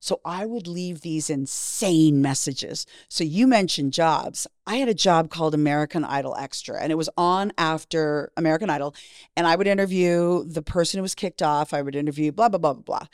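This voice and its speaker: Frank, lowish-voiced middle-aged woman. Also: moderate pace, no echo, clean studio sound. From Canada. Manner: frank, profane, acts out quoted voices. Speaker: interview guest. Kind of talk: candid storytelling.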